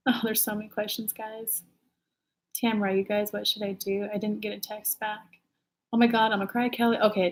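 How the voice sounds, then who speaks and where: A woman hosting a casual live stream, chatting animatedly and reading viewer comments aloud. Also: medium pitch. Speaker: intuitive reader and channel host.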